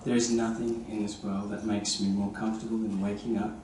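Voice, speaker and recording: A man's voice: fairly low pitch, flat delivery, a little fast, darkish tone. A young man, the groom, reading earnest and tender wedding vows with some light humor. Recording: echoey distant venue sound with ambient noise.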